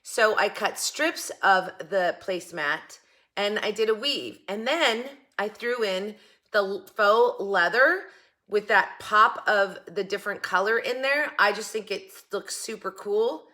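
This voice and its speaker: A woman's voice: medium pitch, lively intonation, measured pace, sharp tone. A woman hosting a craft vlog, showing off her projects in a chatty, enthusiastic way, often restarting her sentences. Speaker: craft channel host. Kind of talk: casual show-and-tell craft vlog.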